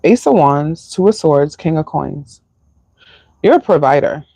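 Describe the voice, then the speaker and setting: Woman tarot reader, slow and emotional, dry close sound. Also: low voice, lively intonation, creaky, warm tone, dry recording. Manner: slow, emotional, sighing, filler-heavy. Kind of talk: live-stream tarot reading.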